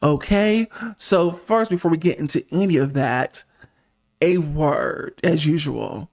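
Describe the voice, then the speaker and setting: A man's voice: on the high side, normal speed. A man hosting a pop music review show, talking straight to the viewer in a sassy, emphatic way. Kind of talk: casual opinionated monologue.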